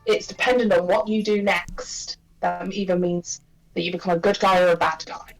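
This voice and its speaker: A woman's voice: fairly low pitch, steady tone, moderate pace, gravelly, soft background music, low-quality recording. A woman as a player in a tabletop game, talking persuasively in character. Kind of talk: casual in-character tabletop play.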